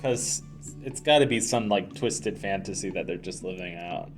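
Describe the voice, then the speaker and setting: A man's voice: low-pitched, moderate pace, music in the background. A man giving rambling, self-deprecating commentary while playing a video game. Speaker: let's play commentator.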